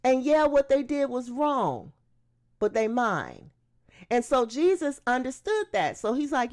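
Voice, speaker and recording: Her voice high and a little slow, a woman delivers a sermon, reading scripture before explaining it in an emphatic, conversational way. She preaches with animation, slipping into acted-out quotes.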